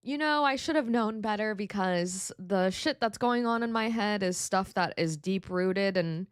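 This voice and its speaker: A woman's voice: medium pitch, a little slow, clear, resonant tone, no echo, clean studio sound. A woman streamer chatting casually with her viewers, candid and emotional, swearing freely and mocking herself. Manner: reads and answers viewer chat. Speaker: VTuber streamer. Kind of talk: casual live-stream chat.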